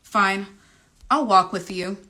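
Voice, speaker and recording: A woman voicing a sharp-tongued young college woman, snippy and sarcastic, in a romance novel read aloud. The lines sit a little higher than the reader's lowish own voice. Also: slow.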